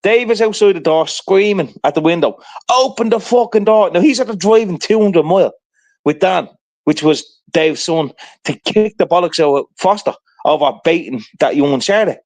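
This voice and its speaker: A man spins a long, rambling story in casual livestream chat, swearing freely and checking in with "right?" as he goes. His voice sits somewhat high for a man. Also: animated, normal speed, darkish tone.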